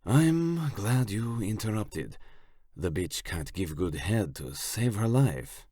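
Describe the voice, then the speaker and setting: A man voicing a menacing, slick Italian crime boss in an audiobook, with a put-on Italian accent and a slow, smug, suggestive delivery. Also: on the low side, big pitch swings, mellow, dry recording, clean studio sound, pitched above the performer's own voice, heavily acted. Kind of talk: audiobook character voice.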